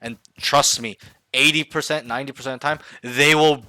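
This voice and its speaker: A game coach works one-on-one with a student over voice chat, speaking emphatically, often checking in with "right?" and acting out loud team callouts. His voice is medium pitch and steady, a little fast, with no echo.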